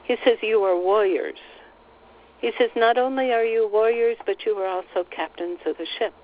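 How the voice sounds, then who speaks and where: A woman relaying channeled spiritual teachings on a recorded call, speaking slowly and gently and repeating phrases. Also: mid-range voice. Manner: slow, soothing, repeats phrases, relays quotes. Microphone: phone line on a teleconference call. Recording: slightly dull teleconference audio.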